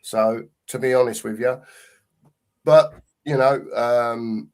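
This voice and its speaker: A man's voice: mid-range voice, steady tone, takes it slowly, darkish tone. A man co-hosting a casual fan chat show, matey and rambling, full of fillers. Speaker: podcast co-host.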